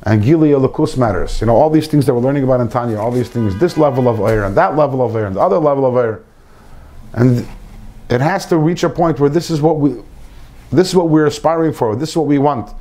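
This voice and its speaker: A man's voice: medium pitch, fast, warm tone. Earnest man teaching a Torah class. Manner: earnest, repeats phrases, sprinkles Hebrew and Yiddish terms. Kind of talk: informal Torah lesson to a small group.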